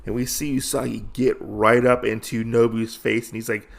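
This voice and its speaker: Guy rambling through a comic recap on his podcast, lots of ums, gravelly voice. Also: mid-range voice, little pitch movement, normal speed, hardly any pauses. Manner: rambling, many fillers. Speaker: podcast host.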